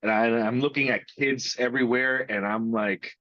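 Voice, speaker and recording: A man's voice: medium pitch, a bit bright, no room sound. Blunt, profane man, dry lo-fi sound. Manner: blunt and profane, with drawn-out pauses. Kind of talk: casual chat.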